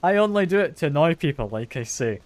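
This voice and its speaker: A man's voice: on the high side, big pitch swings, quick pace. Chatty Scottish man streaming games. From Scotland. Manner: chatty, self-deprecating, answers chat aloud with soft laughs. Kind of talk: casual live-stream chat while gaming. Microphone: sensitive desk mic.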